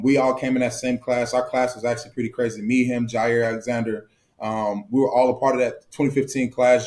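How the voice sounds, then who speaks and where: Fast-talking young man telling stories. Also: mid-range voice. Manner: relaxed storytelling with fillers and laughs. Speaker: football player guest. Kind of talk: casual interview talk.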